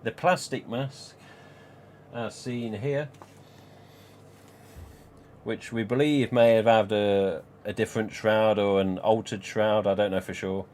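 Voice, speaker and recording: A man's voice: on the low side, steady tone, slow, long pauses, a little mellow, a little hiss or hum. A man hosting a live stream, talking casually in a chatty, rambling way with frequent chuckles. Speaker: live stream host and collector.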